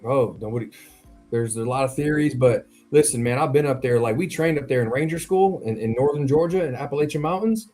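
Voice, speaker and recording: A man's voice: medium pitch, fairly quick, warm tone, soft background music. A man telling a spooky story in a loose, profane, slang-heavy casual chat, talking directly to his co-host. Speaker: podcast co-host.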